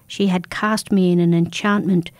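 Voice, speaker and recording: A woman narrating a first-person folk tale in a calm, measured, intimate manner. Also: fairly low pitch, dry recording. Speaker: storyteller.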